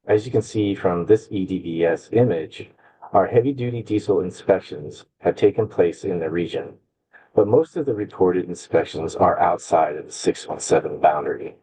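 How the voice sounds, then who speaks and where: A man from an agency giving a slide presentation at a public meeting over a video call, speaking haltingly with restarts. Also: sits low, warm tone, husky, low-quality recording. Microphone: computer mic on a video call.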